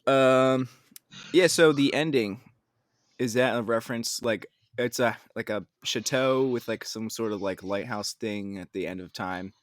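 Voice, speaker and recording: A man co-hosting a podcast, chatting casually and excitably about a TV episode, with lots of "like" fillers. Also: medium pitch, a little slow, no room sound, studio quality. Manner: excitable, filler-heavy, says "like" a lot. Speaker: podcast co-host. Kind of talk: casual TV recap chat.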